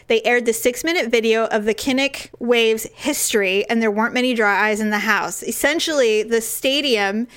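Woman podcast co-host, slightly high voice, chatty, quick to laugh and tear up. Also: clear, resonant tone. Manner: chatty, laughs often, animated storytelling; gets emotional, choked up while reading. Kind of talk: casual chat.

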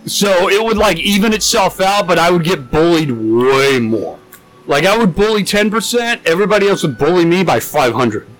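A young man telling stories in a casual podcast chat, animated and swearing a lot. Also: high voice, normal speed, soft background music, rough recording. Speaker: podcast co-host.

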